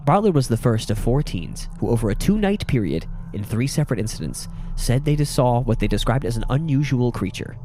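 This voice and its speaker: A man's voice: medium pitch, fairly quick, few pauses, slight background noise. A man co-hosting a casual podcast, telling a story with jokes and silly voices. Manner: animated, jokey storyteller doing silly voices. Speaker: podcast co-host. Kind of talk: casual chat.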